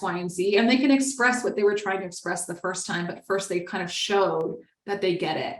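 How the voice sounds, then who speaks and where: A woman's voice: mid-range voice, fairly quick, hardly any pauses. Woman giving a webinar talk, chatty, acts out little dialogues, kinda roomy sound. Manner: conversational, acts out example dialogue. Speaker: webinar presenter.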